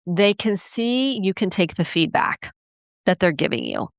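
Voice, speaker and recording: Earnest woman therapist, smooth dry voice. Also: animated, measured pace, no echo. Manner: earnest, reflective, acts out quoted parents in a higher voice. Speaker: podcast host and family therapist. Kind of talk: solo podcast teaching.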